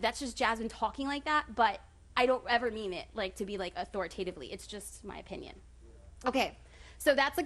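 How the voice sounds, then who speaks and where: A woman giving a casual seminar talk on running a photography business, chatty and direct with quick asides. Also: a little high. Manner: direct, self-described authoritative.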